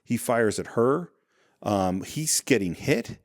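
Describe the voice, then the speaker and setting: Male film podcast co-host, average pitch, detailed scene-recapper, chatty. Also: expressive, takes it slowly. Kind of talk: casual film discussion. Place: living room.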